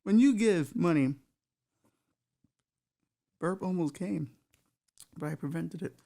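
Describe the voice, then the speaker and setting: Gravelly-voiced man riffing on a podcast. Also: a little high, takes it slowly, dark tone. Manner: loose, profane, riffing with asides. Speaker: podcast host. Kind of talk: comedic monologue.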